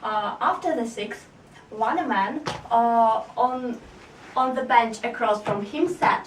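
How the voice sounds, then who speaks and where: Female student, very slow halting joke telling, many fillers; echoey room, distant mic. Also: fairly high pitch, slight background noise. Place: classroom.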